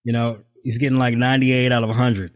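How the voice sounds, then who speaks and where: A man's voice: medium pitch, little pitch movement, quick pace. A man co-hosting a podcast over a video call, talking in a casual, profane, sarcastic way and laughing often. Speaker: podcast co-host. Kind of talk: casual political chat.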